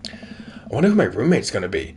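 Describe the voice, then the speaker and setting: A man's voice: fairly low pitch, wildly swooping pitch, brisk, darkish tone. A man voicing an eager teenage daughter. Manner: eager, chatty. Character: enthusiastic teenage daughter, cheerful.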